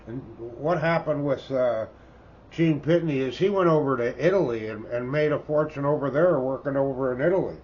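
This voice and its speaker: A man's voice: mid-range voice, moderate pace. A man in his seventies with a Canadian accent, chatting casually as a record collector in a folksy, rambling way and tagging remarks with "eh?". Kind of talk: casual show-and-tell chat. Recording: dull lo-fi sound with faint background noise.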